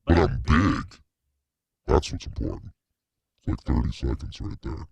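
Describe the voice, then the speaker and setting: A man voicing a big, mean demon robot that thinks it is cool, in a deep gravelly voice. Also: unhurried, no room sound, heavily acted. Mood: menacing boast.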